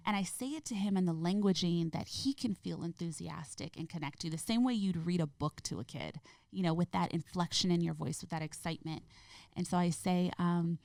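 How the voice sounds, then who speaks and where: A woman speaking as a podcast guest in an earnest, gentle, heartfelt way. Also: on the low side, a little fast, creaky, no echo, clean studio sound. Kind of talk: reflective interview conversation.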